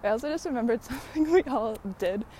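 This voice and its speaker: A woman's voice: fairly high pitch, animated, fast talker, warm tone, slight background noise. Female podcaster, casual and rambly, slightly winded on a walk outdoors. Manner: many fillers, laughs often while talking. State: out of breath walking uphill. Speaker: podcast host.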